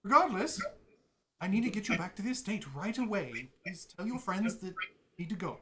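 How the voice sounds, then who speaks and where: A woman's voice: mid-range voice, sing-song, a little fast, close to an everyday voice. A woman voicing a nervous, fussy older male butler who speaks politely and hesitantly. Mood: fretful. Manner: hesitant, apologetic.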